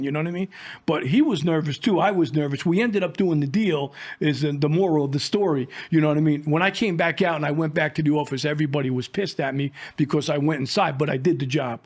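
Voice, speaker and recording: A man's voice: fairly high pitch, fast. A middle-aged man, telling rambling, profane stories from his years as an undercover agent and acting out the dialogue. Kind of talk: casual storytelling.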